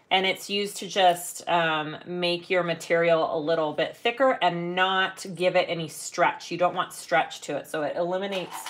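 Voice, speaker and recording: A middle-aged woman who owns a sewing shop and teaches leads a live sewing tutorial, explaining each step as she works, chatting casually and humming filler sounds while she sews. Her voice is lowish with a fairly bright tone.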